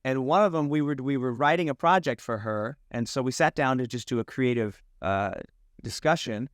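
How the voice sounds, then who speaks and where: A man's voice: medium pitch, moderate pace, dry recording. Man telling stories, dry close sound. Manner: lively anecdote-telling, acting out quoted dialogue. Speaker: film director and writer. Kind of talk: casual storytelling in an interview.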